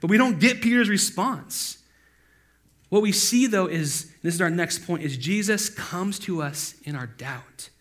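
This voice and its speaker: A man preaching a casual sermon in a conversational way, full of asides, who acts out quoted voices with sudden loud outbursts. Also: sits high, animated, unhurried. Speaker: pastor.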